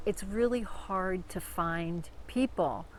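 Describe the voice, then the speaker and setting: A woman's voice: lowish voice, slow pace, a little hiss or hum. A woman interviewing a guest in a casual chat, reflecting aloud on what he said.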